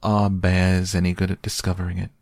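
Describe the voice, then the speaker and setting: A man voicing a soft-spoken, simple bear. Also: low-pitched, monotone, brisk, dry recording, studio quality. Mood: cheerful. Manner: soft and hushed, often half-whispered. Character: simple, cheerful male bear. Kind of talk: soft bedtime storybook reading.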